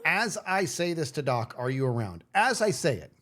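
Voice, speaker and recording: A man's voice: fairly high pitch, very animated, moderate pace, fairly bright tone. A man streaming live, chatting casually with his viewers in a playful, self-mocking way. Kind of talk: casual livestream chat.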